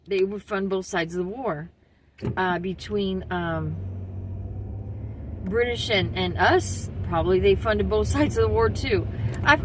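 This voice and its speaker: A woman rants in a rambling, heated way, swearing freely as she talks. Her voice sits at a middling pitch, with clear traffic noise running steadily behind her. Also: fairly bright tone, low-quality recording. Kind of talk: casual political rant. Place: in Texas.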